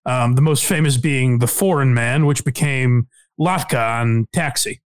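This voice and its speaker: A man's voice: a little high, normal speed, clear, resonant tone. A man co-hosting a casual comedy podcast, rambling and laughing with plenty of restarts. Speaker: podcast co-host.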